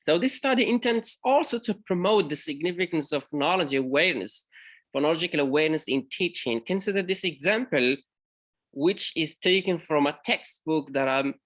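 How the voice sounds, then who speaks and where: A man from Morocco, a university lecturer, giving an academic conference presentation in a halting way, with frequent pauses and self-corrections. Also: on the high side, a bit bright.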